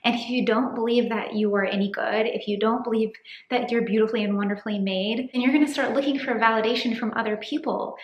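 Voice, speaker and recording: A woman's voice: on the high side, steady tone, quick pace, lo-fi sound. A woman in her thirties giving earnest, encouraging faith-based dating advice in a casual vlog, slightly out of breath. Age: 30s. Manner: earnest, encouraging, gently preachy. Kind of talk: casual to-camera vlog talk. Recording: echoey room.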